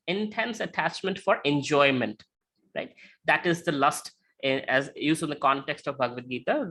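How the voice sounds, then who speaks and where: A man giving a lecture with slides, talking conversationally and often checking in with a quick "right?". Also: a little high, bright, forceful tone. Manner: tells illustrative stories.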